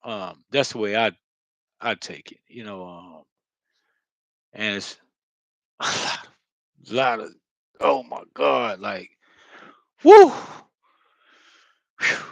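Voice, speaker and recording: A man with a low voice talks through a rambling spiritual monologue, full of fillers and long sighs. He is earnest and blunt, swearing now and then. The sound is dry and close. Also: gravelly, sharp tone, no room sound, low-quality recording. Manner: halting, with many fillers and heavy sighs. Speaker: spiritual vlogger.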